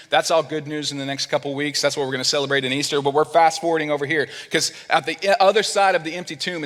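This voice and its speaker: A man, a pastor, preaching a sermon in a church, telling a story with acted-out voices and sinking low and quiet for the serious points. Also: long reverb tail. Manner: animated storytelling, acts out quoted voices, drops low and quiet for somber points. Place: church sanctuary.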